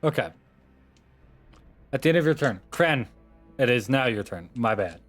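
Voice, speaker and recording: A man acting as dungeon master, running a tabletop game in a casual, quick way. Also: mid-range voice, expressive, faint music behind.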